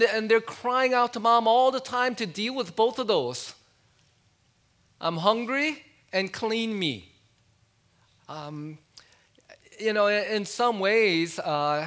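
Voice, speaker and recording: A man preaching a sermon in a conversational way, asking his listeners questions and dropping low and quiet on key words. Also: normal speed. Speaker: pastor.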